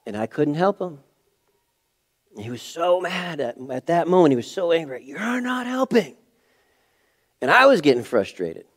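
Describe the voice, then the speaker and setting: A middle-aged male pastor, his voice a little high and sing-song, preaches in church at a moderate pace. He tells a personal story, going from hushed and quiet to raised and emphatic.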